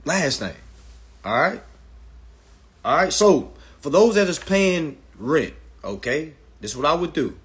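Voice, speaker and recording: A man hosting a casual phone livestream, talking in a brash, profane, animated way and slipping into mocking voices. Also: on the high side, a little slow. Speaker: livestream host giving legal advice.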